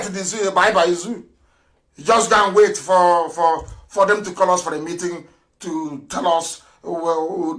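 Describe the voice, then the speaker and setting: A middle-aged man giving a fiery political radio broadcast, mocking his opponents and breaking into shouts and laughter. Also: high voice.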